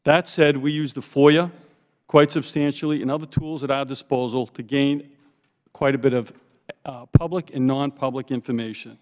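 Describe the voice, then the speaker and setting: A man giving formal testimony as a forensic investigator, emphatic and deliberate, repeating key points slowly for stress. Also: medium pitch, little pitch movement. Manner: emphatic, slow repetitions for stress. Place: congressional hearing room. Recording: long reverb in a hearing room.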